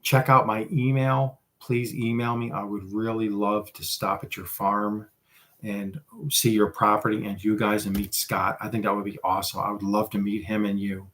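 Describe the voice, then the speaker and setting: A man's voice: on the low side, flat delivery, moderate pace, fairly bright tone. A man hosting a casual livestream, chatting with viewers in a rambling, self-deprecating way. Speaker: livestream host.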